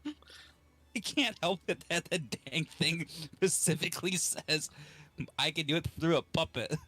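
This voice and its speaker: Bright-voiced laughing male player. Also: on the high side, a little slow. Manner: laughs a lot, self-mocking. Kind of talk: casual tabletop play.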